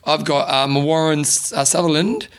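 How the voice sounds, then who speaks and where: A man's voice: on the high side, fairly even intonation, moderate pace. A man co-hosting a podcast, chatting casually and laughing often. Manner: laughs often, jokey banter. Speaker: podcast co-host. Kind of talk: casual chat.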